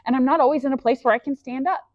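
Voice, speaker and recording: A woman's voice: high voice, racing, dry recording, highs cut off. A woman leading a guided breathing lesson, enthusiastic and encouraging, mixing body facts with faith, speaking into a clip-on mic. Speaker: breathwork instructor. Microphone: clip-on microphone.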